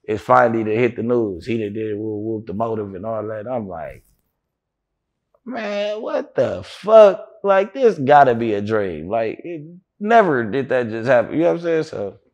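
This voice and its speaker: A man being interviewed, telling a story in an animated way with heavy slang, acting out what others said. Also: lowish voice, normal speed, highs cut off. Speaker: interview guest.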